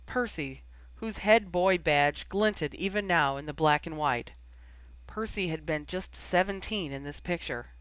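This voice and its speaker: A reader narrating a fan fiction audiobook in a measured, expressive way. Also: mid-range voice, smooth, no echo.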